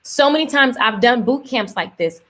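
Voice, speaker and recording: A woman business coach talking on a live stream, energetic and emphatic, repeating key lines and reading out viewer comments. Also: a little high, moderate pace.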